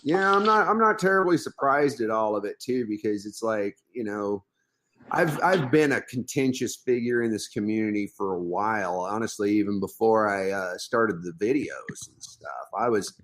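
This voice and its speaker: A man's voice: on the low side, normal speed, a bit bright, a little hiss or hum. A man guesting on a casual podcast interview as a piercing artist, talking bluntly and combatively with plenty of swearing. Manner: blunt, combative and heavily profane.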